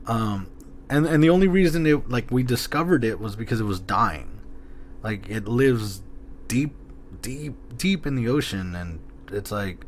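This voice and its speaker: A man co-hosting a podcast, rambling and excitable with lots of fillers and casual swearing. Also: medium pitch, measured pace, slight background noise. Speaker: podcast co-host.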